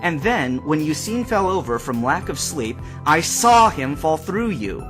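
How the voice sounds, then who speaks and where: A man reading a storybook voices a calm, observant teenage boy who questions coolly. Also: on the high side, a little slow, over music, voice pushed up. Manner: calm, probing, dry.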